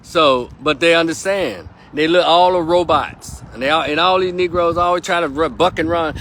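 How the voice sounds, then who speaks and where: A man's voice: a little high, fairly quick, few pauses, a bit bright, slight background noise. A man delivering a heated, profane opinion rant as a political commentator, hammering points home by repeating them. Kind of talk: ranting opinion vlog.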